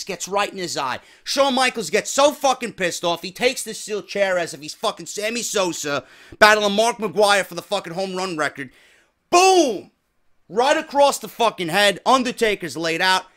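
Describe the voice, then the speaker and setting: A man's voice: high-pitched, sharp tone. A man with a New York accent hosting a wrestling podcast, ranting profanely and firing off rhetorical questions. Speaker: podcast host.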